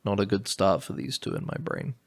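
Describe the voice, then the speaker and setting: A man's voice: deep voice, fairly quick, creaky. A man co-hosting a podcast, chatting casually about films in a wry, joking and opinionated way. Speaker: podcast co-host. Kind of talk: casual film review chat.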